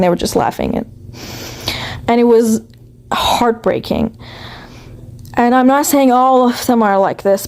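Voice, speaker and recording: A woman from Iran telling a personal story to camera, in a halting way with many restarts. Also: on the high side, a little mellow.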